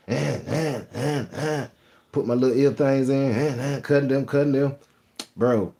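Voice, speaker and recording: A young man with a Texas Southern accent and a medium-pitched, darkish voice hosts a live stream. He rambles and brags through slangy, casual storytelling.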